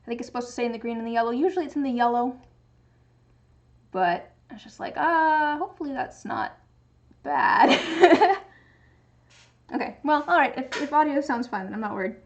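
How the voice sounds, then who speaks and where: A Pacific Northwest woman with a light regional American accent streams her crafting and chats casually, rambling and restarting sentences a lot. Her voice is a little high, and she talks fast with frequent pauses.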